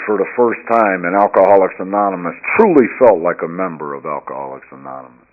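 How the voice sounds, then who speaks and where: A man giving a personal testimony talk at a recovery meeting, earnest and storytelling, dropping to a hush and then rising to emphatic, louder passages. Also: deep voice, lively intonation, fairly quick. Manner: earnest storytelling that swings between hushed and loud, emphatic passages. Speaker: speaker sharing his recovery story at a recovery meeting. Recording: dull lo-fi recording.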